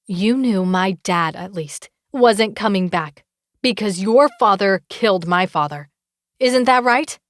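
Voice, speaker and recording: A woman's voice: a little high, measured pace, dry recording, studio quality, close to an everyday voice. A woman narrator voicing a fierce, angry young woman who accuses her rival and demands answers in an audiobook. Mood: accusing.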